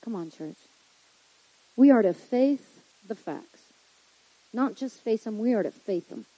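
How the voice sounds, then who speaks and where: A woman's voice: on the high side, lively intonation, a little slow, dark tone, breathy edge, no room sound, poor audio. A woman preaching a humorous sermon in a chatty way, joking and making frequent asides to the congregation.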